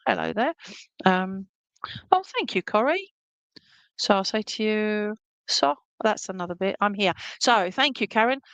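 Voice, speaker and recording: Chatty woman with a gravelly voice. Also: fairly low pitch, fairly bright tone, no echo. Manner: chatty, reassuring, full of fillers. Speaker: spiritualist medium. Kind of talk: online service reading. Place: home room with a TV.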